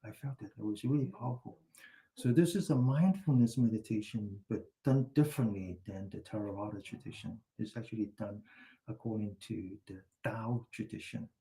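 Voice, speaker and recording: A man teaching a meditation class, gently guiding breathing and posture exercises with slow, drawn-out commands, then telling a chatty story. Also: on the low side. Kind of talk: guided exercise and anecdote in a class.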